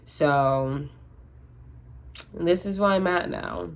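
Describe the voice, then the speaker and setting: Here a vlogger in her twenties speaks at a moderate pace in a low-pitched voice. Addressing the camera, she rambles anxiously through a casual monologue, cursing frankly and restarting often.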